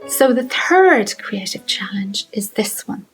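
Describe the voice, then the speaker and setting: A woman's voice: medium pitch, sing-song, slow, faint music behind, rough recording. A middle-aged Irish woman leading a creative writing lesson for children, asking encouraging questions and reading short poems aloud. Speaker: children's writing workshop presenter.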